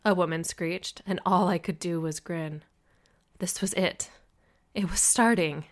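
A woman reading a first-person novel as audiobook narration, in a steady, measured way. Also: on the low side.

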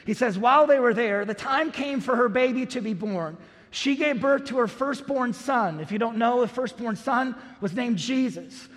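A man in his thirties preaching a sermon with storytelling, animated, acting out the people in his story and swinging between loud and hushed. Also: extremely high pitch, moderate pace. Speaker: pastor. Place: church auditorium. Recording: long reverb of a large hall.

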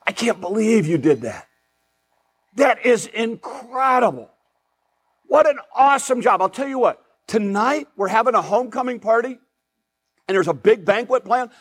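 A generous estate master , as a preacher puts him on who overflows with praise and invitations. His voice is warm and effusive, and only a little raised from the speaker's own. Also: extremely high pitch, animated, normal speed, breathy edge, pitched above the performer's own voice, heavily acted. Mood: delighted.

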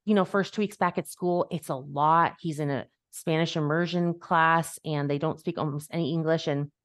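A woman with a low, steady voice hosts a life-coaching podcast at a moderate pace, chatting casually and animatedly. She acts out quoted voices and laughs easily, and the clean studio recording has no room sound.

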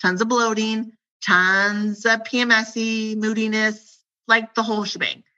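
A chatty woman with a bright, forceful voice talks in a loose, rambling way and laughs often. The sound is a little dull and lo-fi. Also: fairly high pitch, little pitch movement, measured pace. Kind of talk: casual chat.

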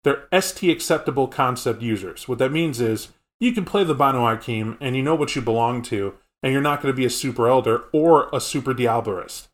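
A man's voice: medium pitch, a little fast, few pauses. Man rambling through game lore. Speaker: podcast co-host. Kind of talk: casual tabletop game lore chat.

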